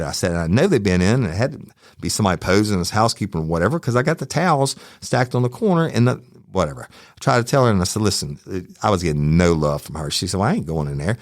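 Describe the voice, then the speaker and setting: Deep-voiced profane Southern storyteller. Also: male voice, expressive, fast, no echo, clean studio sound. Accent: Southern US, Louisiana. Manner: profane, heated storytelling with quoted exchanges. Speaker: podcast host. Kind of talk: true crime storytelling.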